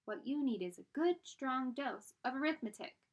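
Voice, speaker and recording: A woman's voice: sits high, expressive, moderate pace, pitched above the performer's own voice. A woman voicing a strict female schoolteacher who speaks firmly and sternly.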